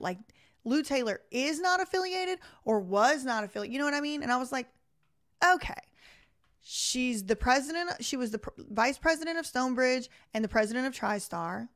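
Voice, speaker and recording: On her casual live stream, a reaction host reads an article aloud and keeps breaking in with comments. Speaking to viewers directly in a slightly high voice, she comes across animated and fed up.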